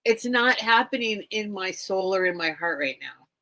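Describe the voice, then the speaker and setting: A woman's voice: medium pitch, expressive, moderate pace, sharp tone. Lady doing a casual live sale stream from home, rambly and chatty, greeting viewers. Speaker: host of a live online vintage sale.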